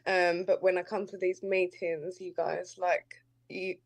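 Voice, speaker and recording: A woman's voice: on the low side, little pitch movement, measured pace, vocal fry. A woman with a London accent sharing at an online recovery meeting, hesitant and full of fillers. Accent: London English. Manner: hesitant, many fillers, grateful. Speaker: meeting participant. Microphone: video call.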